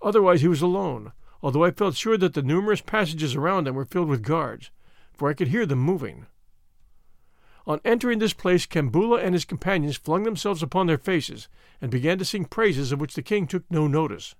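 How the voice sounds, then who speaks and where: A man narrating an adventure novel as an audiobook in an expressive, measured storytelling manner. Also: a little high, dry recording, studio quality.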